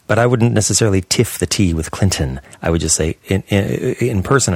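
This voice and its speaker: An American man with a very low, husky voice talks casually about how words are pronounced. He repeats words deliberately and sometimes slips into a whisper to demonstrate. The sound is close and dry. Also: lively intonation, a little mellow, dry recording. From United States. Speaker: speaker explaining pronunciation. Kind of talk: casual monologue on pronunciation.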